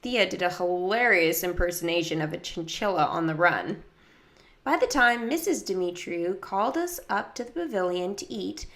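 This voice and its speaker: A woman narrating a children's book in the first person, lively, jumping up to higher pitch for other characters' lines. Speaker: audiobook reader.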